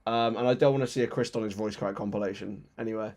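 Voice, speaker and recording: A man's voice: fairly low pitch, fast talker, noisy background. Chatty young man on a football watchalong. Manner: chatty, reads chat aloud, bursts into excited play-by-play. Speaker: watchalong streamer and commentator. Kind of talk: live football watchalong commentary.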